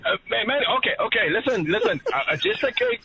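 A man's voice: extremely high pitch, wildly swooping pitch, fast talker, gravelly, sharp tone, slightly rough. A man, calling in from his car and telling a story in a chatty, laughing way. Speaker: caller. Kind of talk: casual phone-in chat. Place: car while driving. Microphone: phone line. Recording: muffled phone line from a car.

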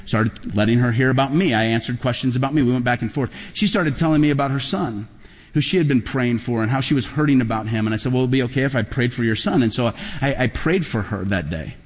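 A man's voice: medium pitch, fast talker. A middle-aged man preaching a sermon as pastor, telling stories and building to emphatic peaks. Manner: storytelling, emphatic, rising to loud peaks. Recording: long hall reverb.

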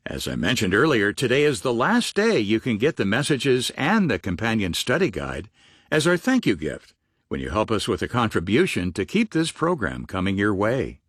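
A man reading scripted announcements for a radio ministry program in an even announcer manner. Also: on the low side, moderate pace, slightly rough, no echo, studio quality.

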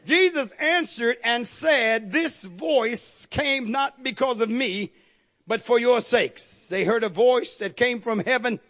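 A man preaching a sermon with fervor, repeatedly calling on the congregation to agree and building to shouted peaks. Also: very high voice, slow. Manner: call-and-response, repeatedly asking the congregation to agree.

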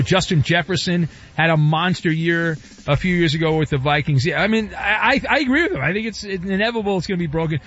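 A sports radio host with a high, husky voice and a fairly bright tone banters loosely and cracks jokes, wisecracking and playful. He's on a studio microphone, and the broadcast audio sounds slightly dull.

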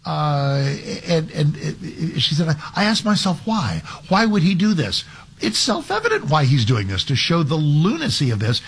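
Husky-voiced male talk radio host. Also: fairly high pitch. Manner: conversational, frequent restarts and filler words. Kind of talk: opinionated talk radio monologue.

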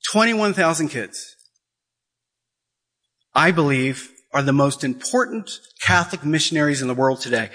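A man delivers an impassioned sermon in a bright, forceful voice that sits a little high. He acts out quoted conversations as he preaches. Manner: emotional, rising to high-pitched pleading.

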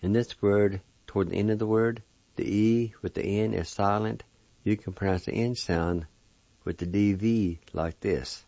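A man's voice: fairly low pitch, fairly even intonation, moderate pace, warm tone, no room sound, highs cut off. A man teaching a pronunciation lesson, sounding out each word syllable by syllable. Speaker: language teacher.

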